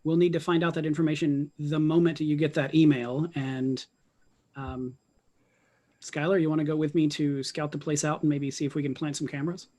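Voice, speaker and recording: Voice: medium pitch, level tone, brisk, dark tone. A player at a tabletop game, talking in a dry, matter-of-fact way. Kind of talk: in-character chat at a tabletop game.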